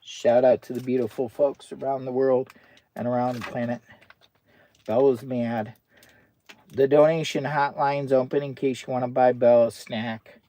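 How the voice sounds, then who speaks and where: A man's voice: medium pitch, fairly even intonation, normal speed, dark tone. An American man chatting casually on a camping livestream from inside a hot tent, often talking baby talk to his dog. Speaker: camping vlogger.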